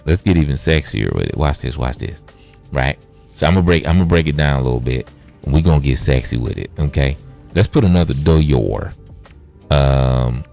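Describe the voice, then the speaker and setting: A man giving casual gameplay commentary in an animated, joking and profane way. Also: a bass voice, gravelly. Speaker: gaming vlogger.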